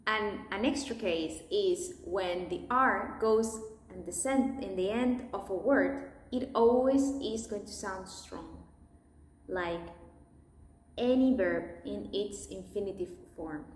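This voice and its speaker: A woman teaching pronunciation, modelling words one at a time and deliberately exaggerating sounds so learners can repeat them. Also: mid-range voice, reverberant. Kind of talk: pronunciation lesson, listen and repeat.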